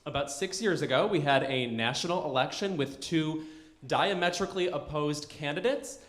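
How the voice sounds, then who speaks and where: A male stand-up comedian with a flamboyant, quick, auctioneer-like delivery. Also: fairly high pitch, a bit bright, echoey room. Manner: quick, flamboyant, self-described effeminate auctioneer energy. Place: comedy club stage.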